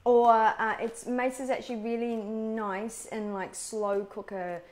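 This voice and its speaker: A woman's voice: on the high side, little pitch movement, a little slow. A woman hosting a live cooking demonstration, explaining recipe steps. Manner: chatty, explains steps as she goes. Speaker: cooking show host.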